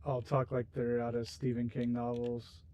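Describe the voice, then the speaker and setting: A man's voice: mid-range voice, completely flat delivery, moderate pace, dark tone. Chatty man hosting a game livestream. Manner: chatty, rambling, laughs easily. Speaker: livestream host. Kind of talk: casual chat with viewers while building in a game.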